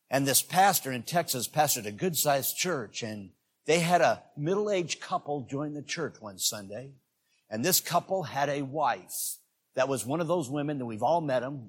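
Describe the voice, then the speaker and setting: A man preaching a sermon as a visiting evangelist, folksy and joking, swinging between loud peaks and hushed asides. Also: mid-range voice, slightly rough.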